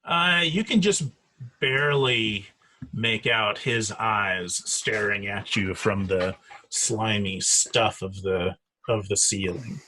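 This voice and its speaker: A man running a tabletop game as dungeon master, easygoing and halting, laughing often. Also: fairly low pitch, pushed and bright, slight background noise.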